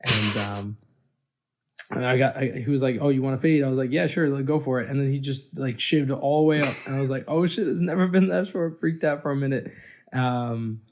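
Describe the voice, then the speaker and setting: A man's voice: medium pitch, fairly quick, a little mellow. A man guest on a casual podcast who tells rambling, self-deprecating stories. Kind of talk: casual chat.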